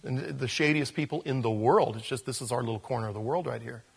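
A man's voice: mid-range voice, quick pace, creaky, slightly rough. A man preaching a conversational sermon, acting out bits of dialogue as he explains scripture. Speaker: pastor.

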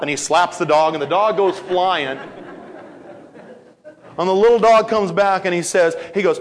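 A male pastor delivering a sermon with a somewhat high voice. He tells stories in an animated way, slips into acted-out voices and repeats key lines to drive them home. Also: fairly quick. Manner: animated storytelling, acts out voices, repeats phrases for emphasis.

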